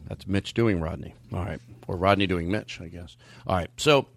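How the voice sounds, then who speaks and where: A man hosting a comedy podcast in a studio with a live band, amped up on coffee, animated and swearing freely as he slips in and out of joke voices. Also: low voice, normal speed, vocal fry, over loud music. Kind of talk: loose comedic banter.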